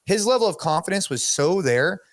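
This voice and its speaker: A middle-aged man hosting a podcast, telling a story in a casual, animated way, with lots of "dude" and "like". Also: sits high, a little fast, dry recording. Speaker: podcast host.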